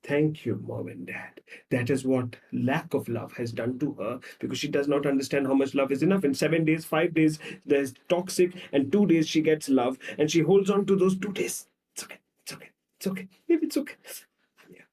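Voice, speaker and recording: A man, a psychologist guest on a podcast, tells stories dramatically and acts out the scenes, swinging between loud and soft. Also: fairly high pitch, normal speed. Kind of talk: podcast conversation.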